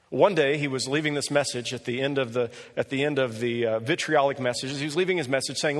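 A man preaching a sermon and telling a story with animated delivery, often rising in pitch when he quotes people. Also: fast talker, hardly any pauses. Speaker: pastor. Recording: long reverb of a large hall.

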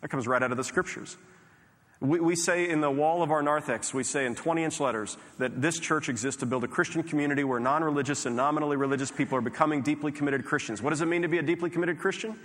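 Earnest pastor preaching a sermon. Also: male voice, fairly high pitch, fast talker, fairly bright tone. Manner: earnest, conversational, with restarts. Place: large church sanctuary. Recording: long hall reverb.

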